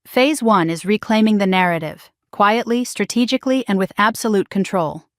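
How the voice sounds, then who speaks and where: A woman voicing a composed male legal adviser who speaks calmly and firmly. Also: medium pitch, moderate pace, no echo, clean studio sound, close to an everyday voice. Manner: calm, firm and reassuring.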